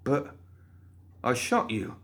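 A man voicing a nervous, gruff male guild guard, blunt and jumpy in a storybook reading. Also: slow, fairly bright tone. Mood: stammering.

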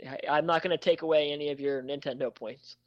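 A man's voice: a little high, fairly even intonation, fast talker, dry recording, muffled recording. A man co-hosting a casual gaming podcast, dry and sarcastic. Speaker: podcast co-host.

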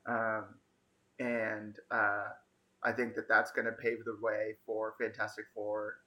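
A man hosting a casual chat with friends, animated and quick to laugh, leading the topics. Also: on the low side, low-quality recording. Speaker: podcast host.

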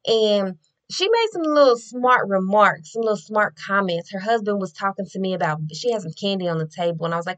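A young woman tells her story in a lively, chatty voice. She keeps calling her listeners "y'all" and talks to them like close friends. Her pitch sits in the middle for a woman. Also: brisk. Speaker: nurse. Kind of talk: casual storytelling to viewers.

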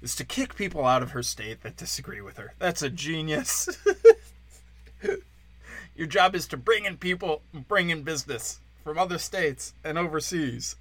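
A brash young comedian on his podcast, tearing into things with blunt, mocking profanity. His voice has a bright, forceful edge, and it sounds close and dry, with almost no room around it. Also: a little high, expressive, unhurried, no room sound. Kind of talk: casual comedic rant.

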